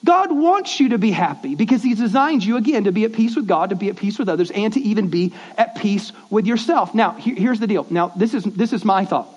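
A man's voice: sits high, expressive, a little fast, hardly any pauses, darkish tone. A man pastor giving a conversational sermon, often prompting the congregation to repeat words back, on dull lo-fi audio.

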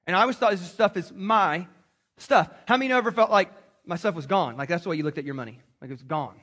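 A man preaching a sermon to a congregation, animated and acting out quoted voices. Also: high-pitched, quick pace. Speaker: pastor.

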